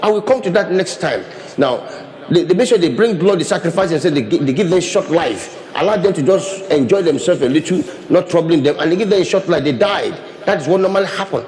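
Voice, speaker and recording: A man with a fairly high, darkish voice preaches as a pastor, speaking briskly and with animation. He repeats and restarts phrases while gesturing with his hands, and the recording carries the long reverb of a hall.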